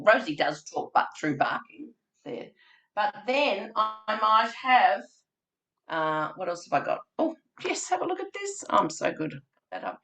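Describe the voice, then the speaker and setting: Woman trainer, theatrical and chatty, lower voice with a bright edge. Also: vocal fry. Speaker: early childhood trainer presenting a webinar. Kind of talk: lively webinar presentation.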